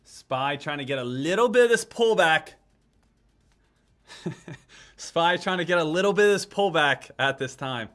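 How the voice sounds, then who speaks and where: A man's voice: fairly high pitch, expressive, measured pace, pauses often, a bit bright. A man hosting a live stock trading stream, chatting casually and repeating each ticker call over and over. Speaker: stock trading livestream host.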